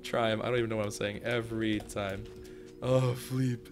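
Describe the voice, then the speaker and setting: A man giving casual, goofy commentary on his own gameplay as a channel host, often breaking into sudden high yelps and shouts. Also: steady tone, normal speed, soft background music.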